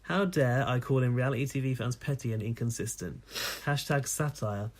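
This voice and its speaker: A man's voice: medium pitch, normal speed, close to an everyday voice. A man voicing a snarky male listener's ranting email, read in a mocking, sarcastic tone. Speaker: podcast co-host.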